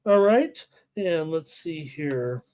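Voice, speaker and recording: A man's voice: a little high, animated, takes it slowly, darkish tone. Man rattling off betting stats live. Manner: rattles off numbers and lineups, many filler uhs. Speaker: sports betting show host. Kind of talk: live betting analysis, reading stats and chat.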